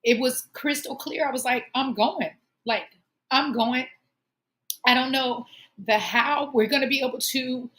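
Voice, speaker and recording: Woman host, fairly high voice, heartfelt encouraging monologue, earnest delivery. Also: bright, forceful tone. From Omaha, United States. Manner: earnest, encouraging, emotional at times. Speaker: show host.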